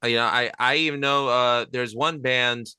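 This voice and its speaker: A man's voice: medium pitch, fairly even intonation, moderate pace, sharp tone, clear, resonant tone, no room sound. A man hosting a podcast, asking polite, somewhat hesitant interview questions. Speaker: podcast host.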